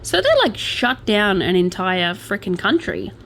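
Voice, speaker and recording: A woman's voice: medium pitch, very animated, unhurried, vocal fry, fairly bright tone. Chatty woman podcaster, slight background hiss. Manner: chatty, self-deprecating, stumbles over names; crochets while talking. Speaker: podcast host. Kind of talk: casual chat reading news aloud.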